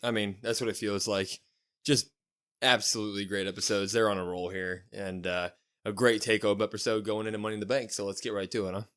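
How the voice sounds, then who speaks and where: A man co-hosting a casual podcast, retelling events in an animated play-by-play way with loose slang. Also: on the low side, fast, clear, resonant tone. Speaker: podcast co-host. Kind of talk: casual chat recapping a wrestling show.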